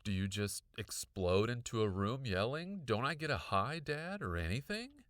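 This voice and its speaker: A man's voice: medium pitch, sing-song, moderate pace, fairly bright tone, no echo, studio quality, voice pushed up. A man voicing a tired middle-aged father who grumbles and mutters complaints. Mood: grumbling.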